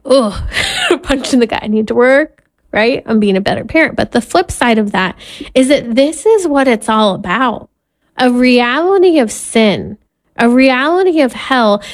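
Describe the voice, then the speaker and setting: A woman's voice: on the high side, dry recording. A woman, probably in her thirties, giving a Catholic faith talk as a mother, earnest and candid, laughing at herself as she tells family stories. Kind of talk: personal faith talk with storytelling.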